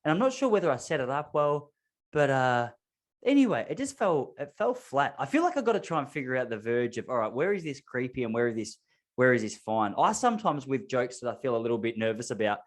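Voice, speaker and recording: A man's voice: medium pitch, big pitch swings, brisk. A man hosting a podcast, chatting casually with rambling, self-mocking stories. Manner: rambling anecdotal storytelling with self-mocking humor. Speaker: podcast host. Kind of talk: casual chat.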